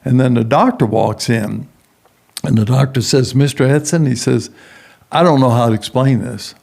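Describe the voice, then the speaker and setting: A middle-aged man who founded a prison ministry tells a personal story as a podcast guest, speaking animatedly and acting out the doctors, nurses and others he quotes. His voice is gravelly with a fry edge, pitched in the middle range for a man, at a moderate pace.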